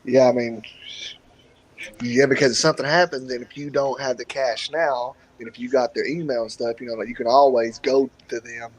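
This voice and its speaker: A man's voice: mid-range voice, fairly even intonation, normal speed, rough recording. Easygoing, joking man on a panel. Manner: easygoing, joking, laughs often. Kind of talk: casual live-stream chat.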